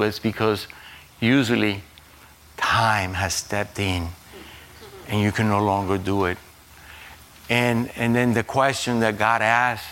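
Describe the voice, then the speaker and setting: Male preacher, sermon, very slow pace, halting repeated words, sudden high loud bursts, faint room ambience. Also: fairly even intonation, a little hiss or hum. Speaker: pastor.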